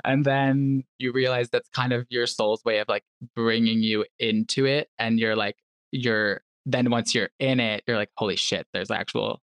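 A man's voice: mid-range voice, unhurried, smooth, no echo. A young man as a podcast guest, casually telling a personal story and acting out what people said. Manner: animated storyteller who acts out quotes.

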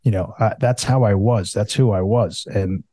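A man's voice: fairly low pitch, normal speed, dark tone, no room sound, studio quality. A man talking candidly in a casual podcast conversation, swearing freely and using lots of fillers. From United States. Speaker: podcast guest.

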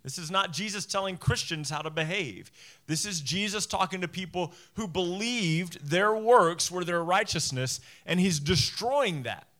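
Bright-voiced, high-pitched male pastor preaching. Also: unhurried. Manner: emphatic, repeats phrases, acts out quoted voices. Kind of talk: sermon.

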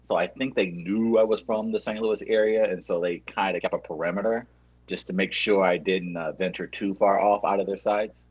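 A man in casual comic chat, reporting his trip in a deadpan, mock-earnest way. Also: sits low, moderate pace, slightly rough, lo-fi sound. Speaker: show regular reporting from a trip.

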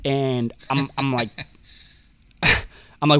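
A man's voice: mid-range voice, steady tone, slow pace, dry recording, clean studio sound. A young man telling a long, profane, rambling story in casual chat, laughing often.

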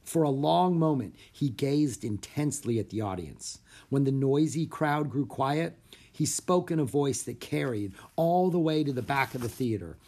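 A children's chapter book is narrated aloud with vivid, animated expression, in a voice of medium pitch that moves at a moderate speed.

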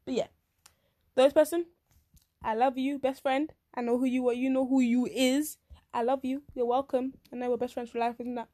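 A young woman with a fairly high voice rattles through a comic monologue in loose slang. She talks animatedly, throws in quick asides, and sometimes jumps into shrill voices to act out other people. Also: flat delivery, mellow. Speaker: vlogger. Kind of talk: comic casual monologue to camera.

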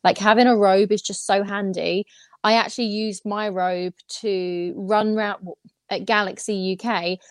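A woman's voice: medium pitch, fairly even intonation, a little slow, clean tone, dry recording. A woman chatting casually as a guest on a podcast, with many ums along the way. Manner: chatty, filler-heavy. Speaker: pageant guest.

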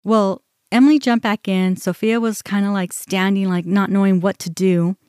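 A middle-aged woman hosting a podcast, telling a personal story in an animated way, often quoting herself and others. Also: mid-range voice, normal speed, smooth, dry recording, clean studio sound. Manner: animated, quotes herself and others, restarts when upset. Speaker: podcast host.

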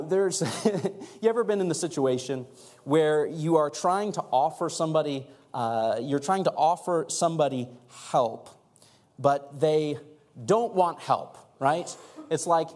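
In a church sanctuary, a pastor preaches a sermon with earnest intensity, his slightly high voice rising and growing louder for emphasis as he asks the congregation to join in.

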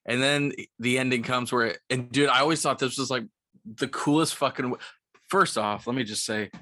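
A tipsy man chatting on a podcast, bright and forceful, with a dry close sound. He retells a story in an excited ramble full of fillers and curses. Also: mid-range voice, normal speed, dry recording. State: tipsy from liquor. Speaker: podcast co-host. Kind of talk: casual movie-recap chat.

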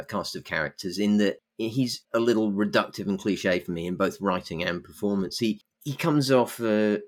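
A man co-hosting a film podcast, thoughtful and critical, often restarting his sentences. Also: lowish voice. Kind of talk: film discussion.

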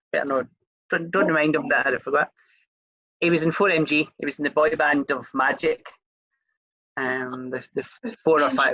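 Chatty Scottish interview host, bright voice. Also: mid-range voice, slightly rough, no room sound, lo-fi sound. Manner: chatty, rambling, many fillers and restarts. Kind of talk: casual interview chat.

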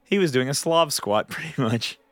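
A man hosting a casual podcast who recaps a game excitably, laughing a lot and swearing. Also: medium pitch, moderate pace, no room sound.

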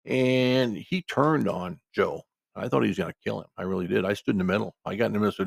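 A man's voice: fairly low pitch, quick pace, creaky, no room sound, studio quality. A man in his sixties telling a true story from his working life in a casual, emphatic, conversational way that wanders into asides.

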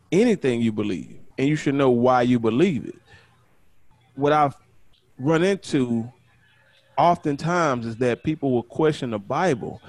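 A man hosting a casual podcast chat, talking quickly and excitedly, often repeating words as he goes. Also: medium pitch, dry recording. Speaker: podcast host.

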